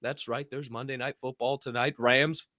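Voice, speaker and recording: A man co-hosting a podcast in casual chat, animated and quick to laugh. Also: medium pitch, no room sound, studio quality. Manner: animated, breaks into loud laughter. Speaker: podcast co-host.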